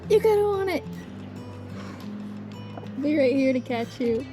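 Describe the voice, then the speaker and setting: A woman's voice: sits high, animated, slow. A woman chatting casually in a cheerful, encouraging way while doing yard work outdoors. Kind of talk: casual chat. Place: backyard outdoors. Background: loud background music.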